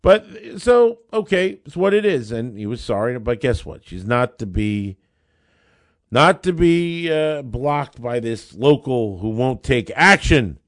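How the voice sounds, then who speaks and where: A man who is a lawyer telling a case story in an animated, conversational way, acting out the dialogue. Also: medium pitch, unhurried. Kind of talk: storytelling monologue.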